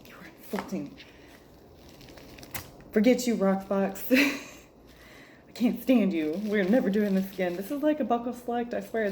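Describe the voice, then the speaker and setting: Joking exasperated woman with a mellow voice. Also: lowish voice, slight background noise. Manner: exasperated, joking, laughs often, talks to viewers as y'all. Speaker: jewelry subscription reviewer. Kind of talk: casual vlog review.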